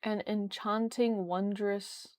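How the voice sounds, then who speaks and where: A woman's voice: medium pitch, level tone, slow, darkish tone, no room sound. A young woman chatting casually on a livestream, rambling with lots of fillers. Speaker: streamer.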